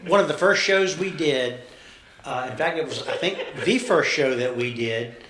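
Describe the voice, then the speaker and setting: South carolina guy, slightly high voice, echoey room with faint hiss. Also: lively intonation, normal speed, a bit bright. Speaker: actor guest. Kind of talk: casual podcast chat.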